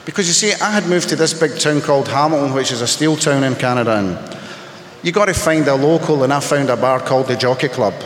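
A man's voice: mid-range voice, animated, fast, slight background noise. A man sharing his personal story at a recovery meeting, wry and self-mocking, with punchy comic timing. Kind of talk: humorous personal storytelling to an audience. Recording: echoey hall with faint ambience.

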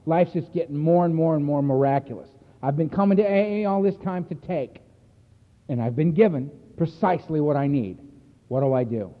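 A man's voice: a little high, expressive, moderate pace. A man giving a personal recovery talk to a meeting, telling his story bluntly and with emphasis. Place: meeting hall. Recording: echoey hall over a tinny phone-like line.

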